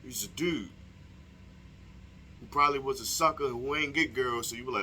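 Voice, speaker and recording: Fired-up bright-voiced young man ranting. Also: medium pitch, moderate pace, long pauses, a little hiss or hum. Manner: profane, heated rhetorical questions. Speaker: vlogger. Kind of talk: casual opinion monologue to camera.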